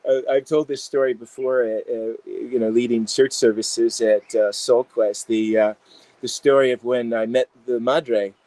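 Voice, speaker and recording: A man, an integration psychologist, telling animated stories in a casual interview with many fillers. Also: medium pitch, measured pace, no echo, low-quality recording.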